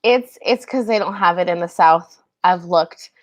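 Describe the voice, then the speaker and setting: A woman's voice: lowish voice, a little slow, no echo, clean studio sound. A young woman hosting a livestream, chatting casually and laughing often, filling her talk with "like". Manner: chatty, giggly, full of "like". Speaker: stream host.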